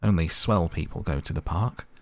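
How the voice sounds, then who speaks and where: A rough, blunt young lad, as the reader plays him, grumbling in a very low, gravelly voice. His lines come quick and clipped, in a dry, close sound. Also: dry recording.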